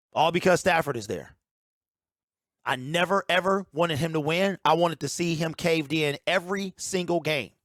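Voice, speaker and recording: A man's voice: fairly high pitch, a bit bright, no echo. A man giving opinionated sports talk as a commentator, emphatic and ranting, repeating his key points on a close mic.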